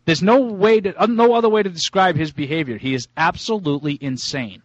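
A man's voice: high-pitched, brisk, no room sound, lo-fi sound. A man co-hosting sports radio, talking in an emphatic, exasperated way and repeating himself for effect. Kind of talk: casual sports radio banter.

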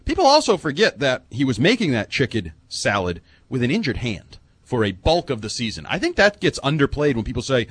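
A man hosting a sports talk radio show, talking in quick, joking banter. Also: mid-range voice, wildly swooping pitch, breathy edge.

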